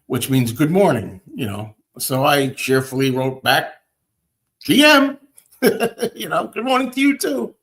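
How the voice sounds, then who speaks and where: A male host tells everyday stories in a chatty, ranting way, his voice rising high when he acts out what he said. His pitch sits in the ordinary middle range for a man, and he talks to listeners directly. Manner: ranting, animated storytelling. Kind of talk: casual chat.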